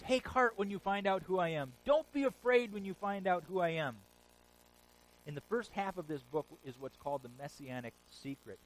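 A man preaching a sermon, retelling scripture stories in a lively, casual modern way. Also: high voice, normal speed, a little hiss or hum, low-quality recording. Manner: animated storytelling, paraphrasing scripture in casual modern speech.

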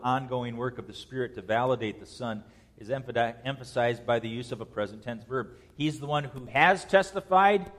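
A man preaching an expository sermon, swinging between soft, slow stretches and loud, rising bursts. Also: medium pitch. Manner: preaches with dynamic swings in loudness and pace. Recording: long hall reverb.

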